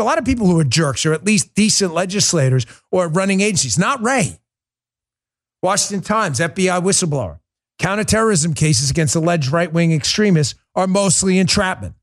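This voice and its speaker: Host, middle-aged man, fiery political monologue, voice sits a bit high. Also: animated, brisk. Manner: impassioned, swings from quiet to loud indignation. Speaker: podcast host.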